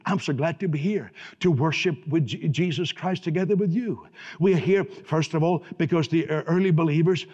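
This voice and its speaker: Male pastor, mid-high voice, emphatic sermon delivery; dull, reverberant church-hall recording. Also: a little mellow, husky. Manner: emphatic preaching with repetitions and restarts.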